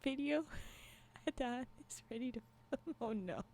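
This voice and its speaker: A woman's voice: a little high, expressive, unhurried, darkish tone, a little hiss or hum. A woman streamer chatting casually and reading a story aloud, giggling often and breaking into exclamations. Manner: giggly, exclamatory reactions to chat.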